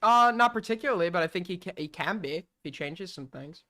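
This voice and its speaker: The casual livestream commentary comes from a man running a call-in show, who speaks bluntly, swears, and peppers listeners with rhetorical questions. His high-pitched voice is expressive, bright, and forceful, and his pace is a little fast.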